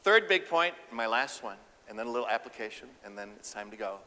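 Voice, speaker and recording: Keynote speaker, man, comic delivery, bright and forceful tone, echo of a large hall. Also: medium pitch, fast. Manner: animated, acts out quotes with a raised voice. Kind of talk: humorous keynote talk.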